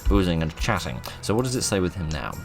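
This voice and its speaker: A man's voice: deep voice, sing-song, fast talker, vocal fry, faint music behind. A man giving casual, self-mocking commentary while playing a video game. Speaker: gaming video host. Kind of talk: casual let's-play commentary.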